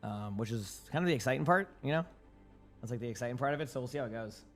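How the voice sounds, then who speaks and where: A young man streaming and chatting casually with viewers, slightly hoarse from commentating, rambling along with fillers and restarts. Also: medium pitch, fast talker, soft background music. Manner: relaxed and rambling, answering chat questions with fillers and restarts. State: yawning, sleepy.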